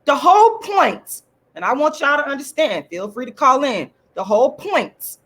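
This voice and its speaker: A woman's voice: sits high, expressive, moderate pace, pushed and bright. A woman hosting a live-stream call-in show, speaking emphatically to her viewers. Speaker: host.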